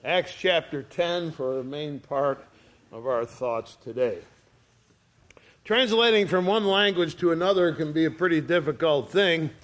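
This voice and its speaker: Folksy storytelling pastor, slightly high voice. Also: male voice, unhurried, fairly bright tone. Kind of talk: sermon.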